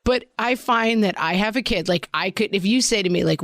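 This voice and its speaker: A woman's voice: mid-range voice, a little fast, few pauses, fairly bright tone, no room sound. Wry, dry-sounding woman co-host. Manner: wry, storytelling, self-deprecating. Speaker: podcast co-host. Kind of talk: casual chat.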